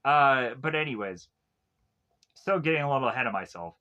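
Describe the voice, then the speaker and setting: A man's voice: medium pitch, animated, moderate pace, sharp tone, dull audio. A young man casually recapping TV episodes, rambling with many fillers and frequent chuckles. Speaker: TV show reviewer.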